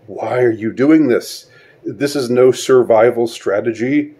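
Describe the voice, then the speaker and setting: A man delivering a spoken video monologue, halting and searching for words, with sarcastic rhetorical questions. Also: mid-range voice, mellow, husky. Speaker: online commentator.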